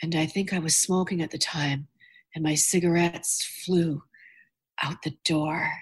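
A woman's voice: low-pitched, fairly even intonation, measured pace, slightly rough. A woman hosting a casual chat, enthusiastic and rambling. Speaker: host.

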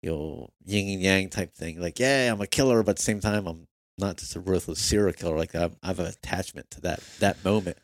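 Low-voiced man, earnest storyteller acting out his own thoughts, dry close sound. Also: fairly even intonation, brisk, no room sound. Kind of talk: casual storytelling.

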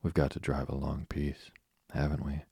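A man's voice: a bass voice, monotone, normal speed, gravelly, mellow, slightly rough, no room sound, studio quality, exaggerated voice. A man doing a chatty orphan girl. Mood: eager. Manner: breathless eager chatter. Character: chatty imaginative orphan girl, about eleven.

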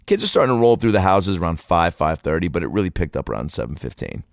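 A man's voice: low voice, sing-song, fast, vocal fry, no room sound, clean studio sound. A man telling a comedic story in a loose, profane, rambling way.

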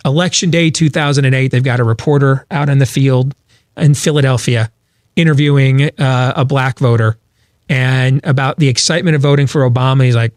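A man's voice: mid-range voice, fairly quick, no echo, studio quality. A man hosting a political talk show, talking emphatically with rhetorical questions and frequent restarts.

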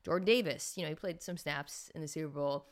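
A woman's voice: sits low, a little fast. A woman hosting a sports podcast, chatting casually and thinking aloud with fillers and restarts. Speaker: podcast host.

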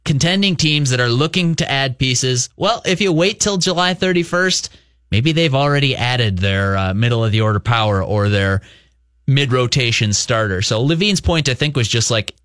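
A man's voice: mid-range voice, normal speed, fairly bright tone, smooth, no echo, clean studio sound. A man talking baseball as a guest on sports radio, explaining things at length in an analytical way. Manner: analytical, talks in long explanatory runs. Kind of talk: casual sports radio chat.

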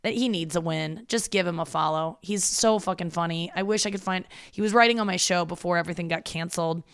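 A woman in her thirties talks through a casual, confessional podcast monologue. Her voice sits a little low and sounds smooth and clear. She rambles, runs herself down and swears freely. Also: fast. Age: 30s. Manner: candid, rambling, self-deprecating, swears freely. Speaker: podcast host.

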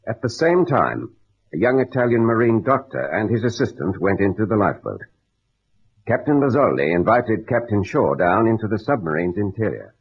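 Husky, expressive radio drama narrator. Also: male voice, fairly low pitch, moderate pace. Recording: dull old radio broadcast.

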